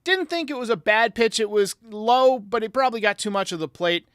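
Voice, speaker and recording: A man hosting a sports podcast, giving an excitable casual game recap and talking straight to his viewers. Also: sits high, a little fast, clear, resonant tone, dry recording, studio quality. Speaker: podcast host.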